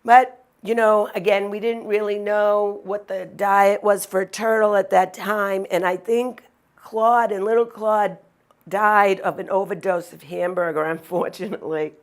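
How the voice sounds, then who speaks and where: An older woman telling stories from her own childhood. She tells them with lively energy and acts out the noises and lines of the people and animals in them. Her voice sits at a typical pitch for a woman. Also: measured pace. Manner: animated, acts out sounds and quotes. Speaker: storyteller. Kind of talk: personal storytelling.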